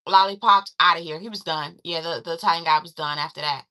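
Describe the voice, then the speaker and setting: A woman casually recapping a movie plot, retelling the story in an animated way with lots of fillers and restarts. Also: low-pitched, fast. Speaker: movie reviewer.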